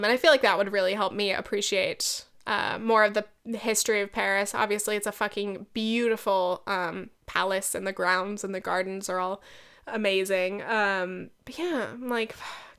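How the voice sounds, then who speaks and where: A woman's voice: medium pitch, fairly bright tone, clear, resonant tone. A young woman hosting a solo podcast, chatting casually with lots of fillers, swearing and laughing often. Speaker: podcast host.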